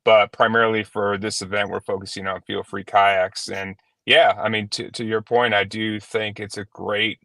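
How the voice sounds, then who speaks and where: A man with a lowish voice speaks as a guest on a live show, answering in an easygoing way with a few hesitant fillers. The sound is dry and close. He talks in a relaxed, plain manner. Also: moderate pace, hardly any pauses, no room sound. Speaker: guest, kayak company representative. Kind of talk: casual interview answers.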